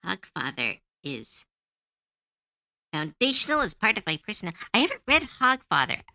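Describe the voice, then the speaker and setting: Woman streamer, heated profane rant, lively swooping pitch, bright edge, close mic. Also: moderate pace, no room sound. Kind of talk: casual livestream chat while drawing. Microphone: close to a desk mic.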